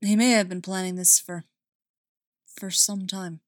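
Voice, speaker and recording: A woman's voice: fairly low pitch, fairly even intonation, a little slow, no echo, natural voice. Woman doing tired sorry spy guy, weary, dry close sound. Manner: tired, apologetic. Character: remorseful male imperial spy, tired.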